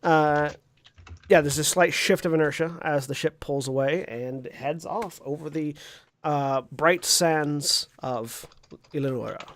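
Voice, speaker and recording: A man narrating a tabletop role-playing game as game master, pausing often and searching for words with many fillers. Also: on the high side, a bit bright.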